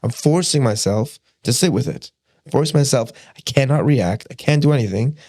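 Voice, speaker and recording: A young man, a podcast guest, telling a personal story in a casual, animated way, acting out quotes and laughing often. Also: medium pitch, moderate pace, no room sound, studio quality. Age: young adult.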